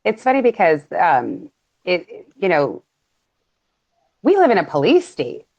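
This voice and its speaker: A woman's voice: lowish voice, measured pace, husky, lo-fi sound. A woman hosting a casual talk show, chatting with lots of fillers and laughs. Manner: animated, laughing, many fillers. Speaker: podcast host. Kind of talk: casual conspiracy chat.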